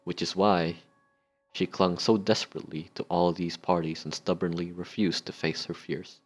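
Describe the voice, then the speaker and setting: Low plain voice, a man reading as a young bartender recalling his sins, subdued. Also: flat delivery, moderate pace, soft background music.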